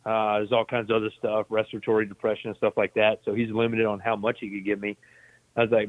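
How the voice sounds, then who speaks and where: A man's voice: fairly low pitch, flat delivery, fast talker, no room sound. An army veteran telling a story in a laid-back, profane way, laughing as he goes. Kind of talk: casual storytelling. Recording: tinny phone-like line.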